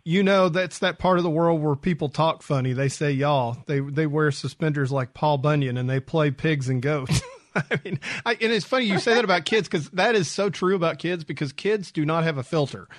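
A man's voice: a little high, normal speed, no room sound, clean studio sound. Chatty man hosting an interview. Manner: chatty, easygoing, many fillers. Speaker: host. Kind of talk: radio interview.

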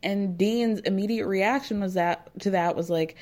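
This woman's mid-range, slightly mellow voice moves at a normal speed as she hosts a relaxed reality-show recap podcast. She chats freely, laughs a lot and quotes people in mock voices.

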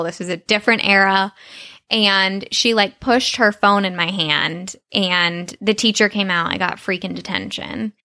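A woman's voice: medium pitch, bright, forceful tone. A woman with a Southern US accent co-hosting a podcast in casual, chatty talk, laughing often. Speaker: podcast co-host. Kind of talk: casual chat.

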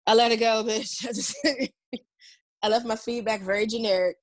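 A woman's voice: fairly high pitch, fairly even intonation, moderate pace, slight background noise. A woman co-hosting a casual chat, brash and profane, who slips into mock voices to make her point.

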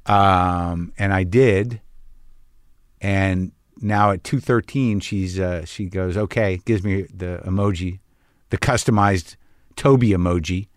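A man's voice: low voice, no echo, studio quality. A man hosting a podcast, talking in a wry, anxious, profane ramble. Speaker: podcast host. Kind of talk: rambling casual monologue. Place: lives on the West Coast.

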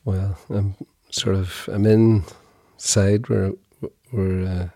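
A middle-aged man co-hosting a podcast, talking in a halting, wry way with chuckling asides. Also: deep voice, flat delivery, mellow, no echo, clean studio sound. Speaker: podcast co-host. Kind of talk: casual chat.

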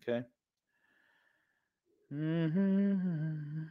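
A man's voice: fairly high pitch, extremely slow, dry recording, narrow, tinny audio. A man hosting a podcast, delivering a sarcastic, mocking political monologue with emphatic bursts. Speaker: podcast host.

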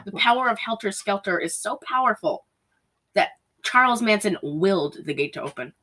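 A woman talks in a casual podcast chat, her voice in a middle pitch. She rambles animatedly and acts out bits of scenes as she goes. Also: lively intonation, moderate pace, bright, forceful tone, poor audio. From Polish heritage. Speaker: podcast co-host.

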